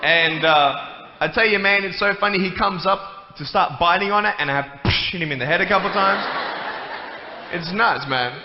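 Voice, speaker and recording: A man's voice: high voice, moderate pace. Joking man in an echoey hall. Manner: playful, joking, chatty. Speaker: guest speaker. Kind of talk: humorous stage talk. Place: church hall. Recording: echoey hall, muffled, faint noise.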